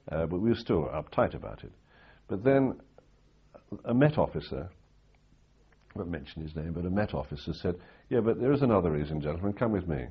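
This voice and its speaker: A man's voice: sits low, slightly rough, highs cut off. An older man telling anecdotes in an interview, rambling with restarts and fillers. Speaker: interviewee recalling war reporting. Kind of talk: storytelling in an interview.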